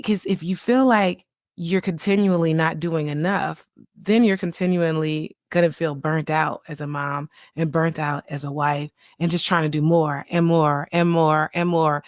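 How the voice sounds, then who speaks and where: A woman in her thirties hosting a podcast as a child psychiatrist, talking in a chatty, animated way and laughing easily. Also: low-pitched, normal speed, dry recording, clean studio sound. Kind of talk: casual solo podcast talk.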